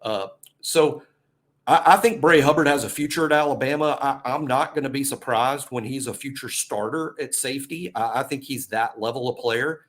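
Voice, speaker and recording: A man's voice: mid-range voice, moderate pace, a bit bright. Man breaking down a football roster. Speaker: podcast host. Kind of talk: casual sports chat.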